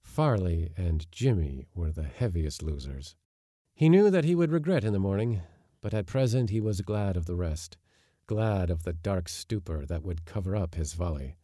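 A man narrating a literary short story in a measured storytelling way, lifting his voice for the lively moments. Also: deep voice, no room sound, clean studio sound. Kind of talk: scripted audiobook narration.

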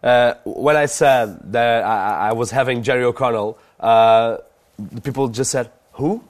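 Portuguese-accented man, halting speech. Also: mid-range voice. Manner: halting, many restarts and fillers. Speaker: podcast host. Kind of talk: casual chat.

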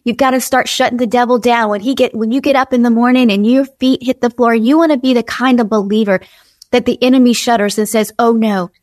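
A woman's voice: a little high, steady tone, fast talker, a little mellow, no echo, clean studio sound. A woman preaching an earnest devotional sermon, repeating phrases and acting out inner dialogue as she exhorts her listeners.

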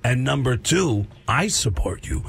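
A man doing an impression of a famous rock star, talking slowly and deliberately with a self-assured air. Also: medium pitch, sing-song, creaky, a bit bright, breathy edge, pitched below the performer's own voice, exaggerated voice. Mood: boastful.

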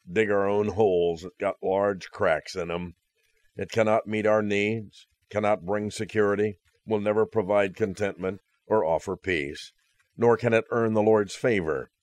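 A man's voice: fairly low pitch, fairly even intonation, measured pace, dry recording. A man preaching a conversational sermon, earnest and direct, with dry jokes at the close. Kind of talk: radio sermon.

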